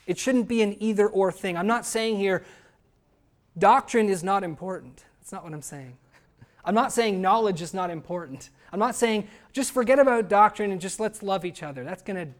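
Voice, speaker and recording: A man's voice: high-pitched, normal speed. A male pastor preaching a sermon with earnest emphasis, putting rhetorical questions to the congregation.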